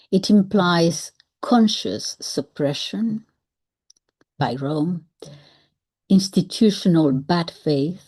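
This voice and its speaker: A woman giving measured, analytical commentary on a historical book, with occasional soft whispered asides. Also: deep voice, husky. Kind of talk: reflective commentary.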